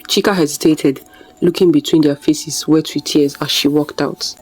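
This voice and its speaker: Storyteller reading a spooky folktale, steady middle voice, light music under it. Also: mid-range voice, normal speed, husky, poor audio. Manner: dramatic, suspenseful reading. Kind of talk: scripted narration of a folktale.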